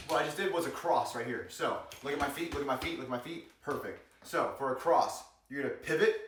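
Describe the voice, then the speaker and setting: A man's voice: a little high, fast talker, hardly any pauses. A man teaching self-defense moves in a joking vlog, calling out strikes as he demonstrates them. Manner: playful, demonstrates moves while explaining, cracks jokes; energetic, calls out strikes during demonstrations. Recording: roomy, distant mic, noisy.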